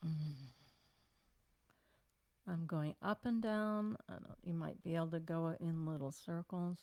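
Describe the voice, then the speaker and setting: An older woman leading a self-care class, giving gentle, unhurried instructions with sighs and breathing cues. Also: low voice, steady tone, dry recording. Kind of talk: guided self-massage class.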